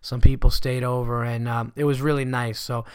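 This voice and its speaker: Profane New comic talking on a dry mic. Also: male voice, mid-range voice, flat delivery, moderate pace, smooth, no room sound. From New York. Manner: profane, blunt storyteller who rants and riffs. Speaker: stand-up comedian and podcast host. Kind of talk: casual solo podcast monologue.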